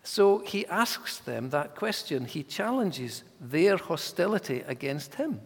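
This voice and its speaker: A man preaching a sermon in a church, measured and emphatic, sometimes dropping his voice to a hush. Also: fairly high pitch, sing-song, vocal fry, breathy edge, in a large hall.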